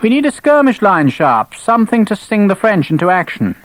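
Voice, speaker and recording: A man's voice: high voice, sing-song, fairly quick, dry recording, pitched above the performer's own voice, low-quality recording. A man voicing a pompous young male lieutenant who gives curt orders. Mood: officious. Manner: curt, commanding.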